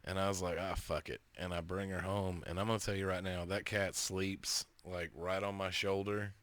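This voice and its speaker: A man, co-hosting a podcast, telling animated stories, laughing and swearing. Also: deep voice, moderate pace, no room sound. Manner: laughing, profane, animated storyteller. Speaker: podcast co-host. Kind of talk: casual chat.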